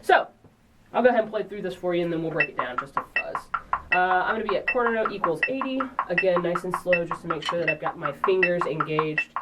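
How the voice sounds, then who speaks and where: A woman drum teacher giving a relaxed, encouraging instructional lesson in a percussion studio and counting beats aloud. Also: fairly low pitch, fast, far from the mic, very noisy.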